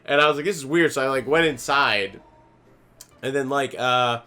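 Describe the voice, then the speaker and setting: Casting: young man, clear bright voice, meandering storyteller who leans hard on "like", casual gaming-chat tone. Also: medium pitch, moderate pace. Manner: rambling storyteller, heavy use of "like", many restarts. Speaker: podcast co-host.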